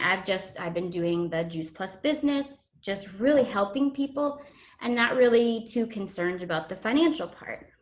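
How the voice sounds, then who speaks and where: A woman guest shares a personal testimony in an earnest, emotional way, often pausing with fillers. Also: mid-range voice.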